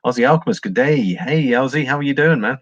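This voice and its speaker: A man hosts a casual livestream, rambling as he reads viewer comments and walks through price charts. His mid-range voice is husky and lively in intonation, and he talks fast. The recording is lo-fi with no room sound.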